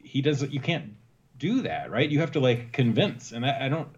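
A man's voice: mid-range voice, expressive, moderate pace, husky. A man from Texas co-hosts a casual politics chat, starting and restarting his sentences as he thinks. His recording sounds a little dull and lo-fi. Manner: hesitant, many restarts. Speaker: podcast co-host.

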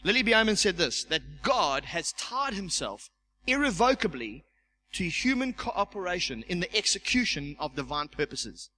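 A man preaching a sermon as pastor, animated, stumbling over repeated words and acting out the voices he quotes. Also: sits high, normal speed, slight background noise, poor audio. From South Africa.

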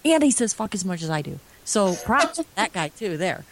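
A woman co-hosting a casual podcast chat, animated and swearing freely, with many restarts. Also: medium pitch, moderate pace. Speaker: podcast co-host.

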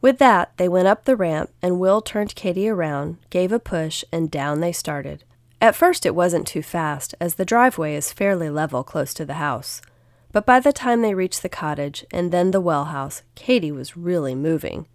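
Lower-voiced woman narrator for a children's audiobook, steady delivery, dry close recording. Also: moderate pace, no echo.

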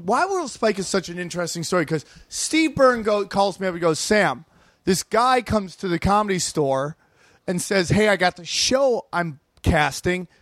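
A comedian guest on a podcast, telling rapid, profane stories and acting out quotes in casual chat. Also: male voice, high voice, dry recording, studio quality. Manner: rapid, profane, animated storytelling with acted-out quotes.

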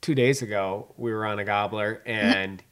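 A man's voice: lowish voice, steady tone, moderate pace, fairly bright tone, clean tone. A man with a Minnesotan accent hosting a podcast, upbeat and chatty, laughing often and restarting his sentences. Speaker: podcast host. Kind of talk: casual podcast chat.

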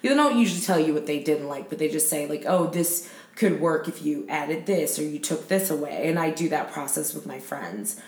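A woman comedian chatting as a podcast guest, animated and often laughing as she tells stories. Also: sits low, moderate pace, reverberant. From United States. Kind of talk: casual chat.

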